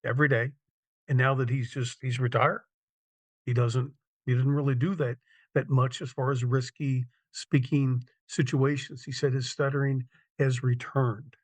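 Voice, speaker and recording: A man's voice: mid-range voice, level tone, normal speed, dry recording. A man moderating an online Q&A, relaying questions and comments with small slips and restarts.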